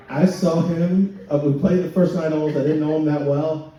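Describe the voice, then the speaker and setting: A man doing a stand-up set, telling crude stories in a deadpan way and putting on voices for the people he quotes. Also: fairly high pitch, normal speed, slight background noise. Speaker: stand-up comedian. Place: comedy night in a function hall. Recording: echoey hall, distant, dull and lo-fi. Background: audience laughter.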